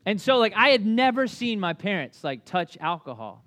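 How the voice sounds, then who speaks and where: A man's voice: sits high, moderate pace. A man in his thirties preaching a sermon in a conversational style, telling stories with lots of "like" and "you know". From American South. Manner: conversational, animated storytelling with many "like" fillers. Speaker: pastor.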